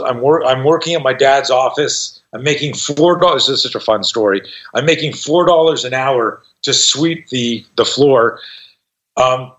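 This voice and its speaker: A man's voice: mid-range voice, rough recording. A middle-aged man telling a story as a podcast guest, swearing freely and acting out the voices of the people in it. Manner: profane, animated, acts out quoted voices. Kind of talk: casual storytelling.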